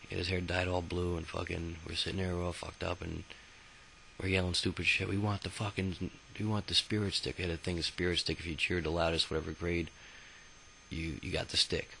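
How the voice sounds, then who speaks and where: A man's voice: sits low, monotone, a little fast, creaky, bright, forceful tone, a little hiss or hum, rough recording. A young man telling his own life story in a casual, rambling, profane way, with many fillers and restarts. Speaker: autobiography narrator. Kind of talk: casual spoken memoir.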